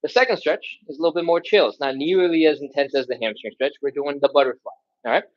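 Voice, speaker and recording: A man leads a live stretching workout, calling cues and counts with lively energy while he does the moves himself. His voice sits a little high, and he sighs and puffs through the effort. The sound is dull and lo-fi. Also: quick pace. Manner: breathing hard, sighs and grunts while stretching along. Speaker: fitness instructor. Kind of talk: live stretching class instruction.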